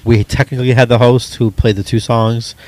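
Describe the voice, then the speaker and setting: A man's voice: medium pitch, little pitch movement, brisk, darkish tone. A man co-hosting a casual chat, hesitant, with many ums and restarts. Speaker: podcast co-host. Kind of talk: casual chat about movies.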